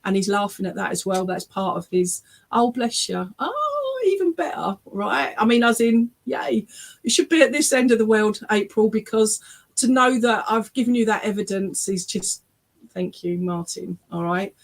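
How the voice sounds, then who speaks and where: A woman's voice: medium pitch, fairly even intonation, normal speed. A woman working as a spiritualist medium, giving an online reading over a video call in a chatty, emotional way that often breaks into laughter and tearful exclamations. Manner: chatty, checks in often with "okay?" and "all right?".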